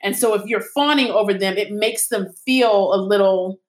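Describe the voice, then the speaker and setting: Woman, interview guest, animated storyteller, plays out quotes, relaxed chat. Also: medium pitch, normal speed. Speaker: actor and acting coach, guest. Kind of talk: casual interview conversation.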